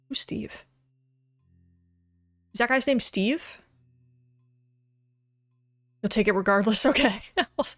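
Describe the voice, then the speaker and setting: Lady streamer chatting w her chat while gaming, laughs a lot, soft game music in the back. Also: a little high. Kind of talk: casual livestream gaming chat.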